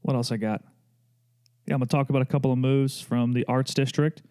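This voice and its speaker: A man's voice: medium pitch, fairly even intonation, fairly quick, dark tone, clear, resonant tone. A young man hosting a podcast, chatting loosely and joking, with many fillers and tangents. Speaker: podcast host. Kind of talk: casual chat.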